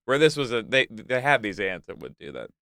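Man with a bright, smooth voice. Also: fairly low pitch, big pitch swings, brisk, dry recording. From Texas, USA. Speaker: panel guest. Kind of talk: comic storytelling.

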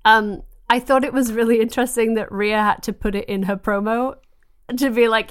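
A woman's voice: on the high side, fairly even intonation, normal speed, smooth. A woman co-hosting a wrestling chat podcast, talking in an emphatic, incredulous way. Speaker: podcast co-host. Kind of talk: casual chat.

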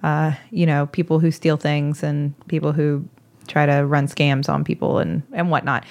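A woman's voice: low voice, flat delivery, normal speed, darkish tone. Woman, podcast host, casual storytelling, giggly, amused.

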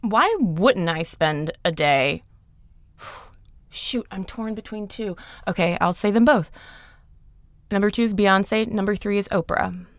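Slow-talking Southern woman guest. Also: medium pitch, no room sound. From Georgia, US. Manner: slow, musing, self-deprecating. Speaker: podcast guest. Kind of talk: casual interview chat.

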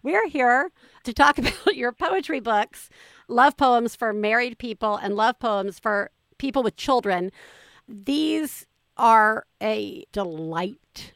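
A woman's voice: on the high side, measured pace, fairly bright tone, no echo, clean studio sound. A woman in her forties hosting a casual podcast chat, enthusiastic and laughing often. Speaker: podcast host.

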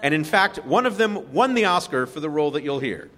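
A man hosting a comedic quiz show, wry and quick to laugh. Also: on the high side, very animated, fairly bright tone. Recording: reverberant stage with faint noise.

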